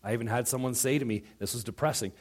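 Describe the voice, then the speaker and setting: Animated male pastor preaching a sermon. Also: mid-range voice, very fast, breathy edge. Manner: animated, acts out quoted voices, frequent stammered restarts.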